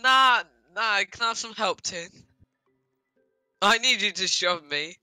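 Very bright, high-pitched teasing young man. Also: unhurried, clean tone, dry recording, faint music behind. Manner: teasing, playful. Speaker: gaming friend. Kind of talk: casual gaming banter.

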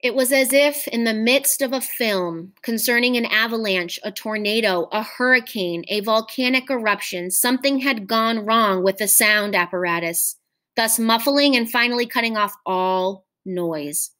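A woman teacher reading a short story aloud in a measured, expressive storytelling manner. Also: a little high.

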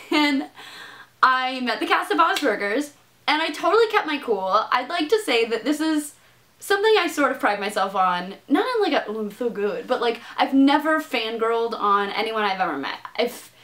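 A young woman vlogging straight to camera, her voice sitting high and bright. She tells a story in an excitable, giggly way and pokes fun at herself as she goes. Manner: excitable, giggly, self-mocking. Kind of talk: casual storytelling vlog.

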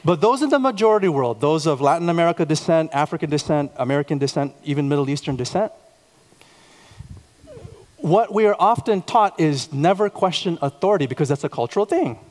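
A man's voice: a little high, animated, a little fast, darkish tone. A man in his thirties preaching a sermon, telling personal stories and posing repeated questions to the congregation. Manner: storytelling, repeats words, emphatic questions. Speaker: pastor. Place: church sanctuary. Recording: long reverb of a church hall.

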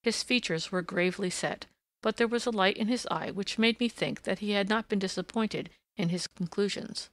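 A woman narrating a classic detective story for an audiobook, in a steady storytelling manner. Her voice has a gravelly texture and sounds close and dry. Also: mid-range voice, normal speed, no room sound.

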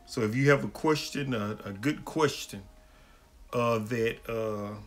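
An adult, married pastor with a medium-pitched voice hosts a livestream question-and-answer session at an unhurried pace. He greets viewers by name in a folksy manner.

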